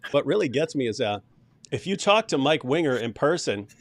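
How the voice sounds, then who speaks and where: A man's voice: mid-range voice, big pitch swings, unhurried, no room sound. A man hosting a live stream, chatting casually, who mocks and laughs often. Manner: mocking, laughs often, restarts sentences.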